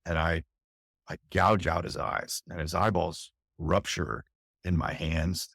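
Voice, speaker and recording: Deep gravelly middle-aged man, intense. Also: fairly even intonation, slow pace, a bit bright, no echo, studio quality. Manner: intense, vivid recounting with frequent restarts. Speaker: fire captain, podcast guest. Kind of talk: candid interview storytelling.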